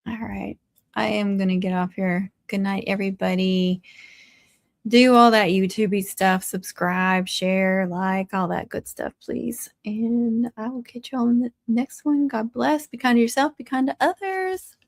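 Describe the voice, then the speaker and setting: A woman's voice: medium pitch, fairly even intonation, unhurried, vocal fry, no room sound, clean studio sound. A woman hosting a crafting livestream, chatting casually and teasing her viewers with frequent laughs. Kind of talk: casual live-stream chat.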